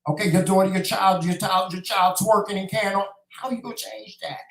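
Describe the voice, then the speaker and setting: A man's voice: high-pitched, fairly even intonation, brisk, vocal fry, fairly bright tone, echoey room, rough recording. A man hosting a casual livestream talk show, delivering a sassy, profane, preachy monologue and calling listeners "child" and "honey". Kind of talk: casual monologue to a live chat.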